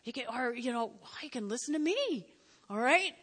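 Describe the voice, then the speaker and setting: A woman preaching a sermon, animated and stretching out her emphatic phrases. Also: sits high, moderate pace, breathy edge. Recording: reverberant hall.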